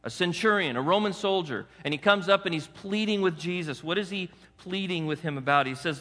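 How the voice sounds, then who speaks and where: Bright-voiced male pastor preaching in a reverberant hall. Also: high voice, brisk, few pauses. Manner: conversational, asks the congregation questions; frequent restarts and repeated words. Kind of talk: sermon. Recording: long reverb of a large hall.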